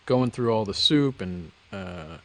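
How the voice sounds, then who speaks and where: A man co-hosting a live stream, chatting in a laid-back, slightly hesitant way with quiet asides. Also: on the low side, lively intonation, slow pace, low-quality recording. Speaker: co-host. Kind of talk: casual live-stream chat.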